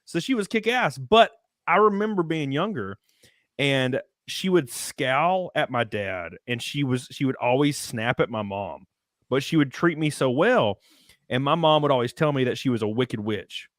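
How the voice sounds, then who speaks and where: A man's voice: medium pitch, animated, moderate pace, fairly bright tone, no room sound, clean studio sound. A man chatting as a guest, telling candid, profane family stories in a laid-back way. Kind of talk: casual chat among friends.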